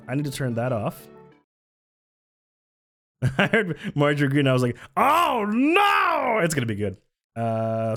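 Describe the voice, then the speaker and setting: A young man livestreaming, chatting casually in a rambling, joking way that often breaks off mid-sentence. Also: fairly low pitch. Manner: rambling, self-interrupting, joking. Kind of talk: casual chat.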